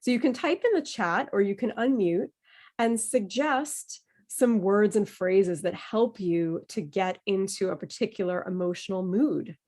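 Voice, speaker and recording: A woman's voice: medium pitch, a little slow, a little mellow. A woman leading an online voice workshop over a video call, playful and encouraging. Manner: playful, encouraging, demonstrates emotions with her voice. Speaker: workshop leader.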